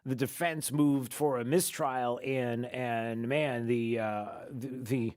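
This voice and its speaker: A man's voice: mid-range voice, slow pace, clean tone. Sarcastic talk radio host, a man. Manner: sarcastic, animated.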